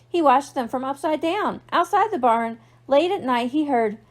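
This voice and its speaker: A woman's voice: high voice, animated, normal speed. A young woman librarian reading a picture book aloud to children, playful and asking them questions. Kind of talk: storytime read-aloud for kids.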